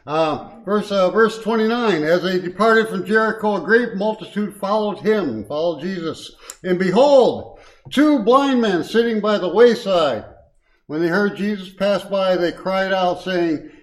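Heard on a rough recording, this older man has a high voice and leads a short informal devotion as a lay speaker at a Bible study. His manner is folksy, with chuckling asides and frequent uh and um, and he grows more emphatic reading scripture.

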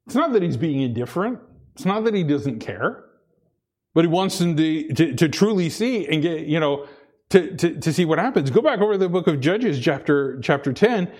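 A man's voice: fairly high pitch, animated, moderate pace, a little mellow. A man preaching a sermon, earnest, repeating himself and restarting phrases as he presses his point. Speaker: pastor.

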